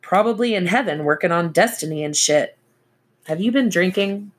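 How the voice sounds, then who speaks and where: Woman voicing a gentle male ex-cop. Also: on the low side, moderate pace. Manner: soft, steady, coaxing.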